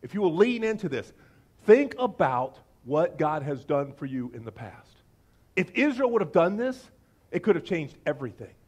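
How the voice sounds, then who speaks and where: A man's voice: on the high side, sing-song, moderate pace, a little mellow, slightly rough. A male pastor preaching a sermon, joking with the congregation and reading scripture aloud with acted voices.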